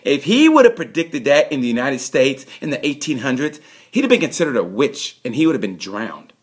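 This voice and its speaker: A man giving a rambling comedic awards monologue, excitable and prone to sudden loud bursts. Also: mid-range voice, fairly quick, breathy edge. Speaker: host.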